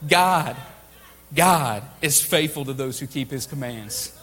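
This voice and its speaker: A young adult man preaching a sermon to a church, earnest, swinging from loud emphatic peaks to soft quiet lines. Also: medium pitch, a little slow. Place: church sanctuary. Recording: long reverb of a hall.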